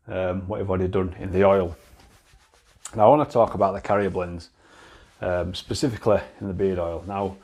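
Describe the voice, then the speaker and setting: Low-voiced Yorkshire man chatting bluntly. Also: darkish tone. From Yorkshire, England. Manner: blunt and chatty, swears freely, trails into restarts. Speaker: beard product reviewer. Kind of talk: casual product review chat.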